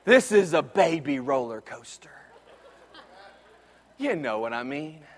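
A man preaching a sermon, telling a family story and swinging between loud, excited lines and hushed ones. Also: a little high, slow pace, big-room sound. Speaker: pastor.

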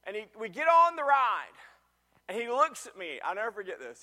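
A middle-aged man, preaching a sermon and telling a personal story, animated and full of restarts. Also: high voice, brisk. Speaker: pastor.

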